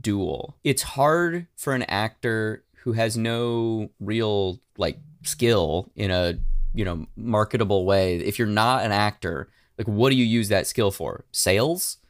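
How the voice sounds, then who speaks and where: A man's voice: fairly low pitch, slow pace, no echo, clean studio sound. A man co-hosting a podcast in casual chat, candid and swearing freely, with plenty of fillers. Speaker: podcast co-host.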